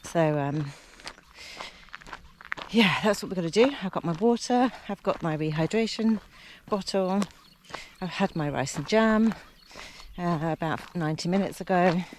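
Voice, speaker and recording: A woman's voice: fairly low pitch, unhurried, darkish tone. Woman, 50s, chatty vlogger talking to a handheld camera mid-run by a lake, breathless at times; noisy outdoor sound. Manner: chatty, talks between breaths while running. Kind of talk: casual vlog while out running. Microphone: handheld camera while running.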